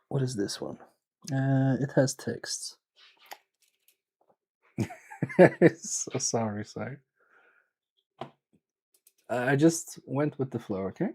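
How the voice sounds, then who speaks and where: A man talking in an unhurried, relaxed drawl as he live-streams a repair session from his home workbench. He jokes and teases his chat, often mocking himself. His voice sits on the mellow, warm side. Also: mid-range voice, slightly rough. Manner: joking, self-mocking, chatty with viewers.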